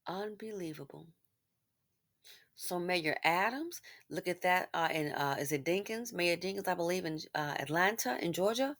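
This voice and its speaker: A woman hosting a commentary channel, talking casually with sarcastic asides that swing between loud exclamations and muttered remarks. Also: on the low side, animated, moderate pace, hardly any pauses.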